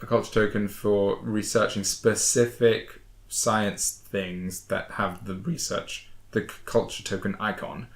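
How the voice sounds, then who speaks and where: A man's voice: lowish voice, level tone, a little slow, gravelly. A man hosting a casual review chat, hesitant and rambling, with many fillers and restarts. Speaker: board game channel host. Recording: echoey room.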